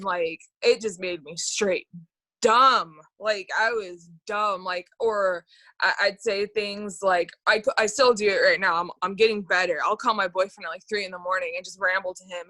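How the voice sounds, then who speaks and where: Bright, lively young woman in group chat. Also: medium pitch, dry recording. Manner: animated, acts out quoted people. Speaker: support group member.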